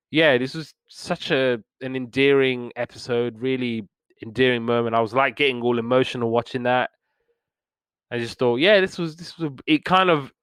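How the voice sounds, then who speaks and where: A man's voice: mid-range voice, fairly bright tone, clear, resonant tone, no room sound. A man, hosting a podcast and earnestly retelling a cartoon's plot in casual chat, slipping into characters' lines. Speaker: podcast host reviewing old cartoons.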